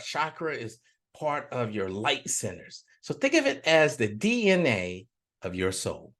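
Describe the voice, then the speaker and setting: A man giving a casual self-help lesson as an animated storyteller with punchy exclamations. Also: mid-range voice. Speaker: spiritual self-help teacher.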